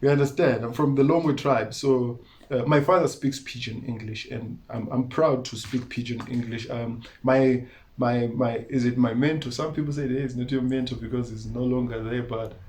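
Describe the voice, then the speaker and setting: Man, Malawian accent, interview guest, earnest, laughs often, medium pitch. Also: fairly even intonation, moderate pace, a little mellow. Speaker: musician guest. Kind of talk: casual interview talk.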